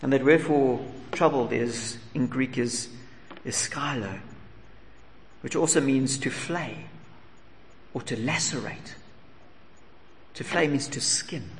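A man preaching a sermon, earnest and questioning, sometimes dropping to a soft, humble plea. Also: medium pitch, slow, long pauses, slight background noise. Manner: earnest preaching, rhetorical questions, voicing humble pleas softly. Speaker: pastor. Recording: long reverb in a large hall, faint ambience.

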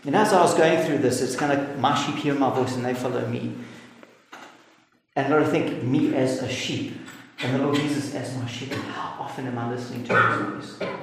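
Earnest preacher in an echoey hall. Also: male voice, medium pitch. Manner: earnest, emphatic, slows for stress. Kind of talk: sermon. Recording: echoey hall with faint noise.

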